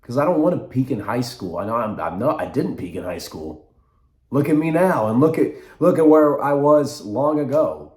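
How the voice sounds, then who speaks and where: A man's voice: mid-range voice, expressive, moderate pace, darkish tone. A young man in his twenties talking to camera in a rambling, reflective vlog, often stopping to restart his sentences. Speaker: vlogger. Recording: echoey room.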